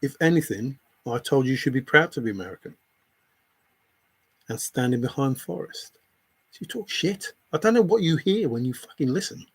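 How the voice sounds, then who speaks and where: Husky-voiced male streamer, heated and confrontational, repeats himself, swears freely. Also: medium pitch, animated, moderate pace, dry recording. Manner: angry, repetitive, confrontational, swears a lot. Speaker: livestreamer answering chat. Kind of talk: heated rant at a viewer.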